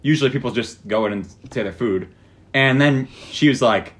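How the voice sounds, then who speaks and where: A man's voice: on the low side, fairly quick, fairly bright tone, husky. Young guy podcast host rambling thru a story, lots of restarts. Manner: rambling, retells quotes with restarts. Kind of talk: casual chat, storytelling.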